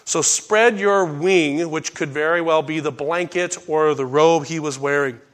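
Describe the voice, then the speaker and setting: A middle-aged male preacher with a fairly high voice teaches scripture in a relaxed, conversational way. He slips into folksy asides, then jumps into loud bursts when he acts out a line. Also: unhurried. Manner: animated, acts out characters' lines in sudden loud bursts. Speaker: pastor teaching a Bible study. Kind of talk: sermon.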